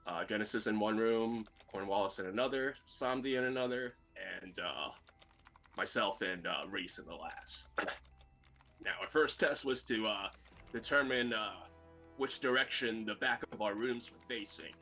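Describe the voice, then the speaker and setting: A man recaps the last tabletop game session, stopping often with filler sounds. His voice is a little low and sharply bright, with faint music behind. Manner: halting, full of "uh" fillers. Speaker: player.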